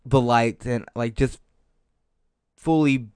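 A man answering personal questions in a podcast, earnest and hesitant, with many pauses and fillers. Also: medium pitch, steady tone, a little mellow, clear, resonant tone, no room sound. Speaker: podcast co-host being interviewed. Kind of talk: casual chat.

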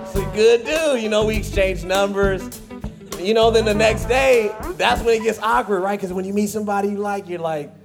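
A male comedian telling a funny personal story, animated and laughing at himself. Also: sits high, fairly quick, vocal fry. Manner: animated, laughing, self-mocking. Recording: music bed under the voice.

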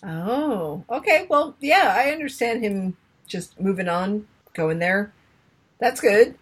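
A woman's voice: mid-range voice, animated, slow pace, slightly rough. A woman co-hosting a casual sports podcast, chatty and self-deprecating, fussy about how names are pronounced. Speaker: podcast co-host.

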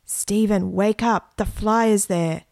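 A woman's voice: mid-range voice, takes it slowly, vocal fry, darkish tone, no room sound, studio quality. A woman voicing a bossy, bold young girl who gives orders and teases. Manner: commanding and teasing.

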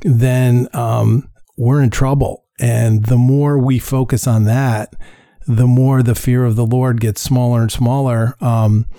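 A middle-aged man with a mellow, relaxed tone hosts a faith podcast, musing aloud with lots of "um"s and false starts. His voice sits close to the mic in a dry, dead room. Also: mid-range voice, no echo. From upstate New York. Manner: halting, many fillers and restarts. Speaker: podcast host. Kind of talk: casual Christian podcast monologue.

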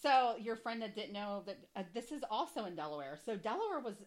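A woman's voice: a little high, expressive, fairly quick. A young adult woman hosting a podcast, telling stories with a lot of swearing and laughter in casual chat. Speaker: podcast host.

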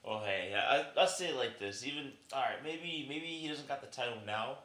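A man's voice: medium pitch, a little fast, bright, forceful tone, roomy sound. A man chatting casually on a podcast, rambling and swearing freely as he reacts to a wrestling match. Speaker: podcast co-host. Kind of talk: casual chat.

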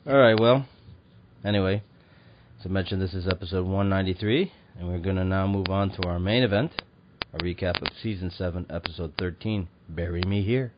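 Over a dull, lo-fi recording with an audible hiss, a very low-voiced podcast host from Chicago talks fairly quickly in loose, casual chat. His speech rambles, with hesitations and lots of fillers.

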